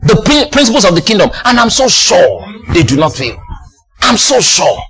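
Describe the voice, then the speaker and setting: A man preaching a sermon, exuberant, often laughing and shouting praise and calling out to the congregation. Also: high-pitched, wildly swooping pitch, moderate pace, vocal fry.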